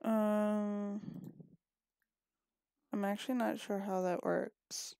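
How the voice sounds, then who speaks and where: A woman's voice: medium pitch, level tone, very slow, warm tone, smooth, dry recording, clean studio sound. A woman giving casual gameplay commentary, chatty and scolding her characters, a little sniffly and yawning. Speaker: gaming video creator.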